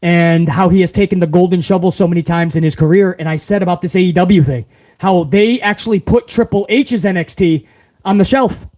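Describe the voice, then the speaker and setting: A man's voice: high voice, a little fast, darkish tone. A man hosting a casual live stream, reading out viewer comments and ranting with a lot of profanity, calling everyone bro.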